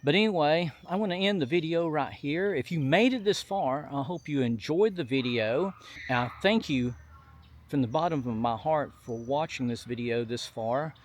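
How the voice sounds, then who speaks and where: A man's voice: fairly high pitch, moderate pace. Folksy man touring outdoors. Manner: folksy, reads plaques aloud with fillers and apologizes for slips. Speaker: vlogger touring historic sites. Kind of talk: casual outdoor tour narration. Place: outdoors at a memorial site on a hot day.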